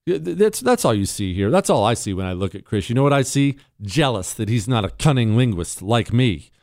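A man's voice: mid-range voice, big pitch swings, fairly quick, darkish tone, dry recording, clean studio sound. A man hosting a political commentary show, talking in an opinionated, sarcastic monologue with mocking asides to his producer.

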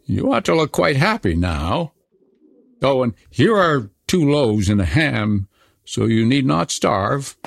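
A man voicing a fierce, bossy little robber girl who speaks in a brisk, commanding way. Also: medium pitch, sing-song, gravelly, no echo, pitched above the performer's own voice, exaggerated voice.

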